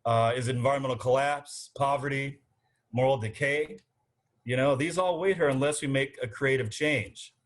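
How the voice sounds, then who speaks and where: A man's voice: mid-range voice, normal speed. A man running for city council, giving an earnest, rhythmic speech over a video call to a virtual arts forum.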